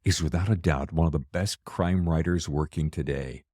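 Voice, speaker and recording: A man's voice: extremely low pitch, moderate pace, dry recording, clean studio sound. A man hosting an interview podcast, chatting casually and playfully. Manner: animated, jokey, slips into playful voices. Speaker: podcast host.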